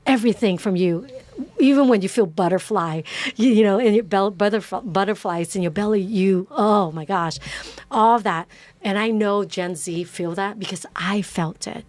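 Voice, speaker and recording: A city councilwoman talking as a podcast guest in a casual interview, animated and quick, with many fillers. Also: medium pitch.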